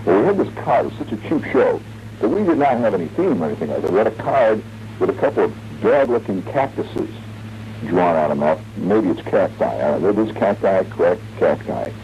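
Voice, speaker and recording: A man's voice: deep voice, sing-song, brisk, mellow. A man in his forties telling a long, wry, rambling story as a radio host, humming tunes and mimicking sounds along the way. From American Midwest. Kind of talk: late-night radio monologue. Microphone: studio radio mic. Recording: dull, muffled 1970s radio broadcast with faint hiss.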